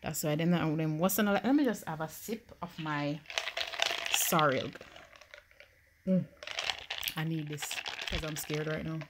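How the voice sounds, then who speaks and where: A woman's voice: low-pitched, unhurried, pauses often, very noisy. Jamaican woman narrating her Sims game. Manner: animated, swings from quiet worry to loud joy. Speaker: gaming YouTuber. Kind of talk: Sims let's-play commentary.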